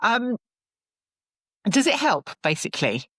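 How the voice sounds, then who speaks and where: A woman's voice: fairly high pitch, big pitch swings, slow, a bit bright, no room sound. A woman hosting a casual interview, chatty and enthusiastic, with plenty of fillers. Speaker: interviewer host.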